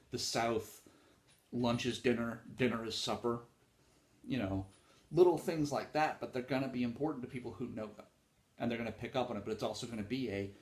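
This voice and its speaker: A man's voice: on the low side, roomy sound. A man hosting a casual solo talk on writing craft, rambling and informal with frequent fillers and some swearing. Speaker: podcast host talking about writing.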